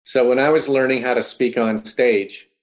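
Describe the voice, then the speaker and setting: A man hosting an online talk, coaching in an energetic way and often checking in with his listeners. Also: mid-range voice, moderate pace. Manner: energetic, coaching, keeps asking "right?". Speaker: host and speech coach.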